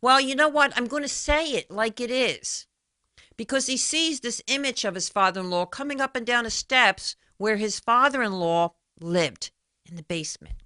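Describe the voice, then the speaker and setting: Bright-voiced woman talk show host. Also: on the high side, moderate pace, dry recording. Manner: chatty storyteller who retells conversations. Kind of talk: solo radio talk show monologue.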